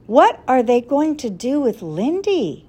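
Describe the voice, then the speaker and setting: Woman doing an eager boy, pleading, urgent, bright high voice. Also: big pitch swings, unhurried, breathy edge, exaggerated voice.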